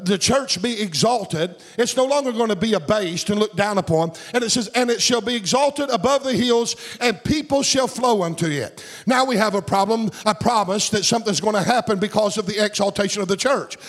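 High-voiced fervent preacher man. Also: a little fast. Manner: fervent, shouting bursts, sing-song cadence. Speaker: pastor. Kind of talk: sermon.

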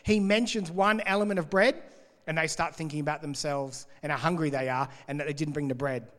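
A man preaching a sermon, explaining scripture in a conversational, animated way. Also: a little high, a little fast, in a large hall. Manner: conversational and animated, laughing between points.

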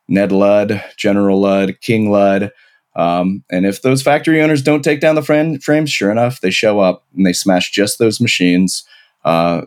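A man's voice: on the low side, darkish tone. A man, an author guest on a podcast, explaining history in long flowing stories with many restarts.

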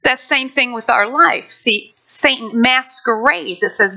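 A woman pastor preaching a sermon in a lively, conversational way with playful asides to her congregation. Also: on the high side, a little slow, gravelly, few pauses, highs cut off. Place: church sanctuary.

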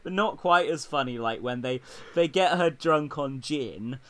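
A man's voice: fairly high pitch, a little slow, a bit bright. Man laughing through casual TV chat. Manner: laughs often, acts out quotes.

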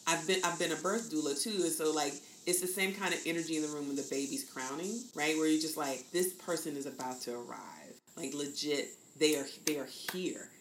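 A woman's voice: low-pitched, fairly quick, few pauses. A woman in her fifties from the American South, speaking candidly as a podcast guest and acting out the voices she quotes. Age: 50s. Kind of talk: reflective conversation. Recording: echoey room with faint noise.

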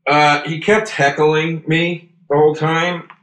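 A man's voice: on the high side, little pitch movement, slow, fairly bright tone. A man hosting a casual chat, telling rambling stories and swearing freely. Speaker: podcast host. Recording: roomy echo.

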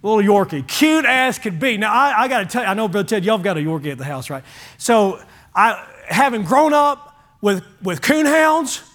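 Pastor, high voice, folksy, animated sermon that drops to a hush. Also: male voice, normal speed. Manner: animated, folksy, shifts from loud to hushed.

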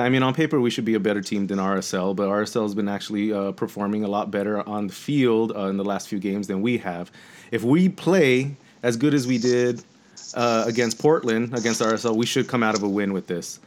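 A man's voice: fairly low pitch, brisk. A man co-hosting a sports podcast, earnest and hedging his pick with fillers. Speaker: podcast co-host. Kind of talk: casual podcast chat.

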